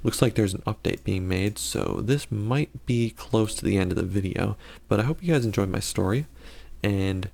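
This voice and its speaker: A man's voice: lowish voice, moderate pace, creaky, a little mellow. A man giving casual gameplay commentary and telling a story, rambling and correcting himself with sarcastic asides.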